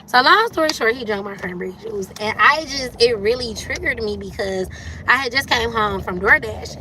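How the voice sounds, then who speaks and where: Woman, livestream host; candid, chatty storyteller with a bright voice. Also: lively intonation, normal speed, a little hiss or hum. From Detroit, USA. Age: 30s. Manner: candid and chatty, acting out quotes with sudden jumps up in pitch. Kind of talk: casual storytelling chat.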